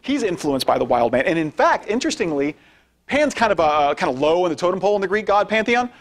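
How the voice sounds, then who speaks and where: A man giving an informal lecture with slides as a guest speaker. He talks conversationally, often tags sentences with "right?" and asks for the next slide as he goes. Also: on the high side. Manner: conversational, frequent tag questions; directs slide changes while speaking. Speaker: guest speaker, philosophy professor.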